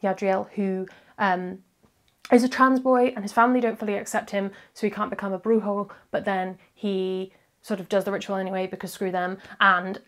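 A woman reviewing books in a casual, chatty vlog, rambling with quick asides and self-corrections. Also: medium pitch, steady tone. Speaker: book reviewer.

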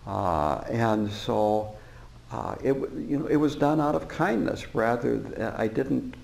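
A male Buddhist teacher gives a dharma talk, easing through his stories with fillers and soft chuckles. His voice is deeply gravelly, and its pitch rises and falls in a lively way. The room sound is roomy and reverberant, like a meditation hall. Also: a little slow. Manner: relaxed storytelling with frequent fillers and chuckles. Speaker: Buddhist teacher and former prison chaplain. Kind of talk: dharma talk to a live audience.

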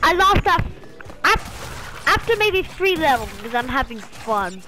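A woman giving excitable gameplay commentary, talking to herself and swearing as she plays. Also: sits high, measured pace. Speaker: gamer. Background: game music.

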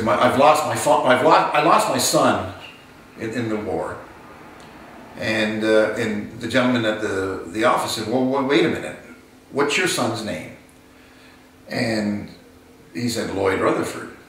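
A man's voice: mid-range voice, fairly bright tone. Older man recalling his father, roomy sound. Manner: unhurried, halting storytelling with repeated restarts. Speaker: son of a war veteran, interviewee. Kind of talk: personal recollection, storytelling. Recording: very roomy, distant mic, faint hiss.

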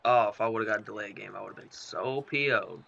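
A young man commentating his own football video game live, excitable, swearing, and talking to the screen. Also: fairly low pitch, brisk, gravelly, dry recording, muffled recording. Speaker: gaming commentator.

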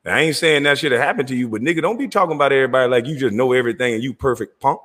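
A man with a Southern US accent hosting his own show in a loud, animated, profane rant, often laughing as he talks. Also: medium pitch, very fast, long reverb tail. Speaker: show host.

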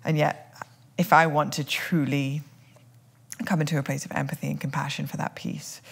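Husky low-voiced woman with hiccups. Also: level tone, normal speed. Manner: thoughtful, searching, restarts often. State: has hiccups. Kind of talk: casual reflective conversation.

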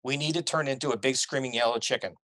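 Animated storytelling man, dry sound. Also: mid-range voice, fast talker, no room sound. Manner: animated storyteller, laughs at his own tales. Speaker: guest, corporate pilot. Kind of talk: casual storytelling chat.

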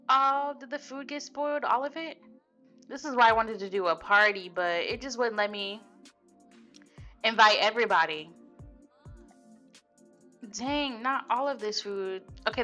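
A woman's voice: on the high side, pushed and bright, muffled recording. A young woman casually commenting on her life-sim gameplay, chatty and slangy, laughing at what her characters do. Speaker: Sims let's play host.

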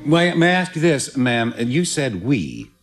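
A man's voice: medium pitch, big pitch swings, unhurried, soft background music. A man on a 1970s TV game show panel, asking questions with dry, wry wit. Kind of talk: quizzing a contestant.

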